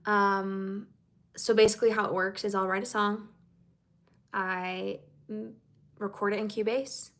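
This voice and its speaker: Woman, singer-songwriter, casual livestream chat, bubbly, chatty, bright voice. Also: medium pitch, level tone, unhurried, long pauses. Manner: bubbly and chatty, full of "like" and "okay?". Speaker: singer-songwriter streaming to fans.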